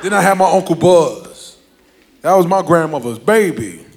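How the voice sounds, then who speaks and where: A man's voice: on the high side, lively intonation, normal speed, a little hiss or hum. A man performing a stand-up comedy routine, telling family stories animatedly and laughing through lines.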